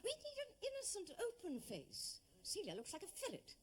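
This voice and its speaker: An actress playing an imperious aristocratic duchess, in a period television drama. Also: female voice, very high voice, huge pitch swings, moderate pace, full character voice, poor audio. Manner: imperious, dismissive.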